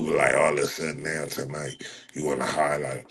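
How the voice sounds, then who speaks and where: A man's voice: very deep voice, steady tone, normal speed, vocal fry, fairly bright tone, slightly rough. A man hosting a livestream, reading his chat aloud and mocking the commenters in profane, slangy banter, often laughing. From Southern California. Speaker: livestream host reacting to chat.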